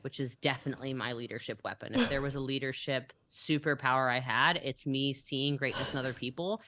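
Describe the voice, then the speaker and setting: A young adult woman, working as a business coach, speaks in a motivational podcast interview, emphatically acting out the conversations she quotes. She has a bass voice and talks fairly quickly, with background noise present.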